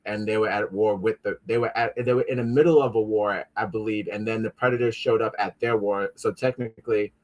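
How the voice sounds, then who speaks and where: A man's voice: on the low side, fairly even intonation, a little fast, hardly any pauses, muffled recording. Rambling, profane man hosting a show. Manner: rambling and profane, with frequent restarts and asides; easily frustrated, talks back at his devices. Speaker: podcast host. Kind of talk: casual pop-culture commentary.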